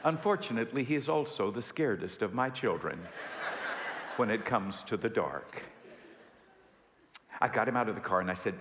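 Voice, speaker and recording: A man's voice: medium pitch, fairly quick. A man in his thirties, a pastor, preaching a sermon and acting out a family story. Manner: animated storyteller acting out dialogue. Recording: echoey hall with long reverb.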